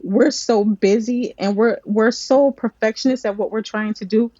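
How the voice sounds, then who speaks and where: A woman's voice: fairly high pitch, moderate pace, dry recording, dull audio. A woman who writes screenplays and supervises scripts tells stories animatedly in a casual interview, often restarting her sentences. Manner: animated storytelling, many restarts.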